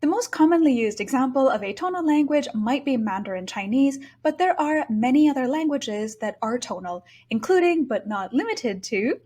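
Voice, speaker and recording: A bicultural Japanese woman, a language teacher, explaining pronunciation in a clear, explanatory lesson. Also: fairly high pitch, darkish tone.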